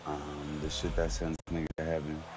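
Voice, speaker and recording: A man's voice: a bass voice, monotone, normal speed, darkish tone, a little hiss or hum. A man chatting in character during a game roleplay, laid-back and slangy, teasing his friends. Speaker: roleplay player.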